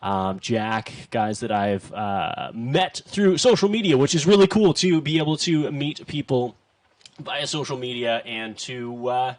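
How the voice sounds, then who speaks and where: A man's voice: medium pitch, a little slow, no room sound, far from the mic. Chatty nervous man hosting a live stream. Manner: chatty, self-deprecating, loud and excitable. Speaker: host. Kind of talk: casual live stream chat.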